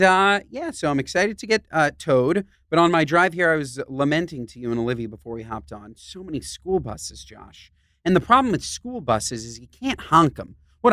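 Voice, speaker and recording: High, lively man ranting jokily. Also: no echo, clean studio sound. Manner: animated ranting, profane, jokey. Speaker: podcast co-host. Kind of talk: casual comedic chat.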